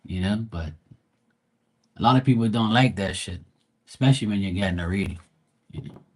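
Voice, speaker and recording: During a casual livestream, a man who reads tarot live chats with viewers in a low voice at a brisk pace, with a little hiss or hum in the audio. His talk is blunt, rambling, slangy and sprinkled with profanity.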